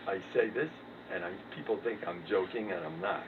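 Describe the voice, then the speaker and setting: A man's voice: sits low, brisk. Man lecturing over a tinny, noisy line. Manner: self-mocking, swings from mumbling asides to loud emphatic bursts. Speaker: rabbi giving a talk. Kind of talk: humorous Torah lecture. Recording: distant, tinny phone-quality recording with background noise.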